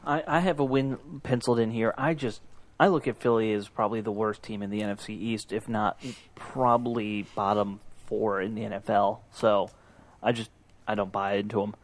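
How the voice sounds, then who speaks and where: A man's voice: on the low side, steady tone, normal speed. A man hosting a casual sports podcast who moves the talk along, often stammering and restarting his sentences. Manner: leads the segments, stammering restarts. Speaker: podcast host.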